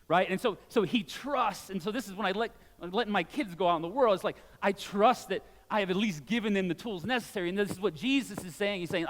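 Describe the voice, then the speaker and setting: A man in his forties preaching a sermon in a church, conversational and animated, with casual asides. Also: high voice, brisk, hardly any pauses, big-room sound. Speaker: pastor. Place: church sanctuary.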